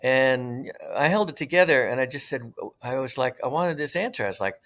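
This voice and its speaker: A middle-aged man from Southern California, a retired firefighter and podcast guest, telling his story in an earnest, reflective way, drawing out some phrases slowly. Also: mid-range voice, animated, a bit bright. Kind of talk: casual storytelling.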